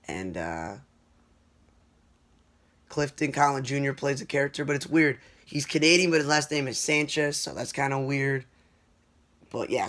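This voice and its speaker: A man's voice: medium pitch, a bit bright. A man giving casual, rambling movie reviews, talking offhand with plenty of fillers and restarts.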